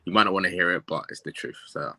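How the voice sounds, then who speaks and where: An emphatic young man, talking low but forcefully in a casual football chat. His voice is dry and close, and he calls everyone bro. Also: fast, dry recording. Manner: emphatic, keeps saying bro. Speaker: guest pundit.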